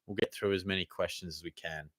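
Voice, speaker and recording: An Australian man hosts a casual live Q&A stream, chatting in a laid-back style full of slang. His low, steady, slightly bright voice comes fast, recorded with clean studio sound and no echo.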